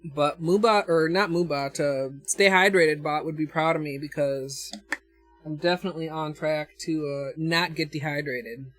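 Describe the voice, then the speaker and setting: A woman's voice: sits low, moderate pace, no room sound, soft background music. A woman with a Minnesotan accent chatting casually on a livestream, thinking aloud as she demonstrates and answers her chat with frequent chuckles. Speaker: nail art livestreamer.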